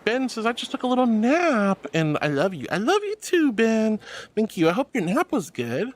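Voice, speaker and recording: Male streamer, high bouncy voice, sweet and doting, calls everyone sweetie, casual live chat on a computer mic. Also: big pitch swings, moderate pace, a little hiss or hum. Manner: gushing and affectionate, calls viewers sweetie. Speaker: VTuber streamer. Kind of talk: casual livestream chat, reading chat messages.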